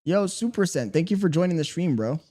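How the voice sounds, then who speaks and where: A man's voice: on the high side, animated, fairly quick, dark tone. A young man livestreaming, talking casually and defensively to his chat, rambling and firing questions back at them.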